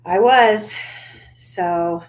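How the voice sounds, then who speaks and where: A woman's voice: medium pitch, extremely slow. A woman hosting a casual livestream chat, talkative and loose, swearing now and then and laughing often. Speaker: livestream host.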